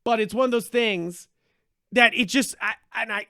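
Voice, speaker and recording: A high-voiced man talks in loose, excitable podcast chat, full of swearing and false starts. The sound is dry and close to the mic, with no room around it. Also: moderate pace, dry recording. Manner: animated, profane, rambling with many restarts. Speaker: podcast co-host.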